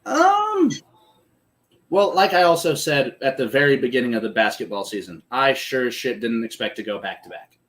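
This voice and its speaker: A man co-hosting a sports podcast, chatting casually and excitedly about the game and swearing freely. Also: mid-range voice, moderate pace. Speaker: podcast co-host. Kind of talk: casual sports chat over a live game.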